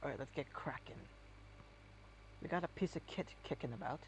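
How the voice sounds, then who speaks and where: A man putting on a chummy country farmer with hearty, folksy banter. The voice is gravelly and low, with a faint hum behind it. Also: brisk, close to an everyday voice, low-quality recording. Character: jolly rustic British farmer man, chummy.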